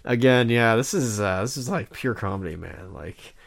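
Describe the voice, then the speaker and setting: Low-voiced laid-back podcast co-host man. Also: moderate pace, vocal fry. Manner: laid-back and joking, with frequent laughs. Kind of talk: casual comic book discussion.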